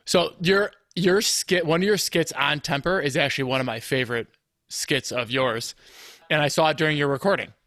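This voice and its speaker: A man's voice: a little high, normal speed, fairly bright tone, dry recording. Easygoing podcast host man, dry sound. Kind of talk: casual podcast chat.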